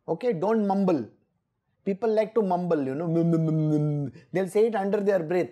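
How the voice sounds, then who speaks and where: A woman's voice: on the low side, a little slow, mellow. A woman giving a scripture exposition, emphatic and scolding, often laughing. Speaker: spiritual teacher.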